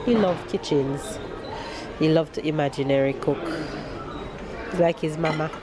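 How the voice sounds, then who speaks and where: A woman's voice: deep voice, a little slow, noisy background. A woman in her thirties with a Jamaican accent, vlogging in a store, emotional and tearful as she talks. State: teary, crying at times. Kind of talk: casual vlog talk to camera. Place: busy store, indoors.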